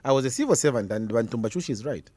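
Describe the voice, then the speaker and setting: A man's voice: mid-range voice, animated, fast talker, mellow, dry recording. A man with a Zambian accent, an opposition politician arguing hard as a guest in a radio debate, hammering his points with repeated questions. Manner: combative, repeats questions for emphasis.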